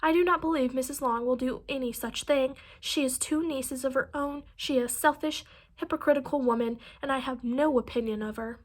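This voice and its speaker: A fussy, excitable middle-aged mother, read by a woman in a period storybook. The voice is high and full of complaint, fretting over her nerves and her daughters. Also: brisk. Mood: fretful.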